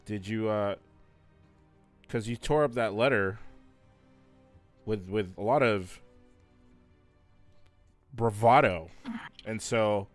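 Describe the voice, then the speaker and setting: A man's voice: lowish voice, slow pace, pauses often, soft background music. A man playing a tabletop role-playing game, playful and stumbling over restarts. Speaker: player.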